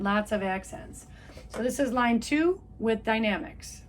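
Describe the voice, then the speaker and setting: A woman's voice: a little high, a little slow. A woman music teacher giving a patient, step-by-step trumpet lesson, counting beats aloud. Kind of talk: instrument lesson video.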